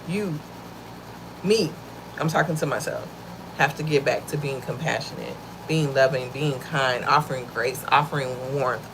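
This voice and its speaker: A middle-aged woman with a deep, gravelly voice speaks to her livestream viewers about faith and kindness. She talks in a loose, conversational, slightly preachy way, laughing easily and addressing them as y'all. A faint hiss sits under the recording. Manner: laughs often while talking. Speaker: livestream host giving faith-based encouragement. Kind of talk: casual faith talk to viewers.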